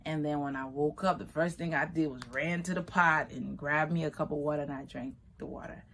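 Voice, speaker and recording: A woman from Liberia with a notably low voice tells a personal story. She speaks in an unhurried, reflective way and now and then lifts into quoted voices. Faint background noise sits under the recording. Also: fairly even intonation, a bit bright.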